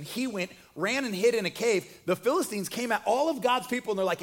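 A man preaching a casual, storytelling sermon, joking and talking in an animated, conversational way. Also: high-pitched, quick pace, few pauses.

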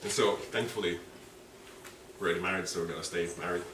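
A man preaching a sermon with passion, rising to high, emotional pleas. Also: fast talker, background noise. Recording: echoey room from a distance.

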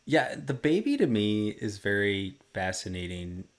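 A man on a film podcast, laying out his points in a measured, analytical way. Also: lowish voice, sing-song. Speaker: podcast co-host. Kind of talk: casual film discussion.

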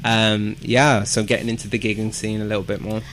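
A man's voice: on the low side, flat delivery, fairly quick, fairly bright tone, a little hiss or hum. A man, a musician guest chatting casually and modestly, laughing often. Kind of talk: casual interview chat.

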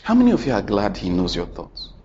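A man's voice: huge pitch swings, fast, background noise. A man preaching a sermon, telling a story dramatically and putting questions straight to the congregation, with repeated phrases. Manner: dramatic storytelling with sudden swings in pitch and loudness; addresses the congregation directly with questions and repetition. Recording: dull lo-fi recording with faint ambience.

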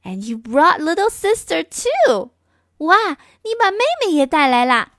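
Picture a cheerful little girl, squeaky and high, bubbling with delight, as a woman reads her aloud. Her lines bounce with lively swings in pitch, close and dry on the mic. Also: unhurried, no room sound, full character voice.

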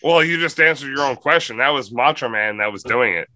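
A man co-hosting a podcast, joking casually and reading out quick plugs. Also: medium pitch, pushed and bright. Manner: joking, then brisk sign-off plugs. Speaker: podcast co-host. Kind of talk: casual chat.

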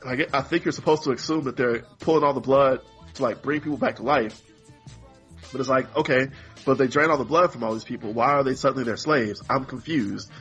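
Husky man ranting casually on a podcast. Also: mid-range voice, fairly quick, fairly bright tone, faint music behind. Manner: rambling, exasperated, quotes characters in mock voices. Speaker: podcast co-host.

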